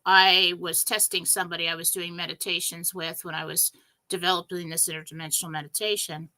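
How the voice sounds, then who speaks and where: Bright-voiced woman telling an excited story. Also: fairly low pitch, rough recording. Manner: breathless, emphatic, animated retelling. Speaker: show host.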